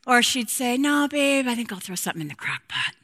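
Woman giving a frank talk to moms, bright voice, playful and direct. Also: a little high, very animated, fairly quick. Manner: warm, frank and playful, acts out quotes. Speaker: speaker on marriage and intimacy. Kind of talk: speaking to a women's group.

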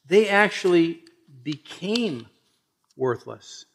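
A man preaching a sermon and reading scripture aloud, swinging between loud emphasis and hushed asides. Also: sits high, very animated, takes it slowly, vocal fry, a little hiss or hum. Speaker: pastor.

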